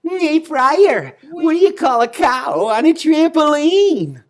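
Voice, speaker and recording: Goofy little robot, a man voicing it, squeaky and filtered, drawls every word out slowly. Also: sing-song, exaggerated voice. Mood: giddy. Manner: slow, sing-song delivery of a punchline. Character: chirpy joke-telling robot, small and goofy. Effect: pitch-shifted, telephone and robot filter.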